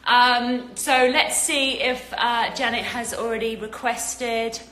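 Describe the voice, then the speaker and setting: A woman's voice: fairly high pitch, steady tone, takes it slowly, fairly bright tone, reverberant, rough recording. An English woman hosting a casual livestream chat, bubbly and giggly, peppering her talk with "like" and "literally". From England. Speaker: host.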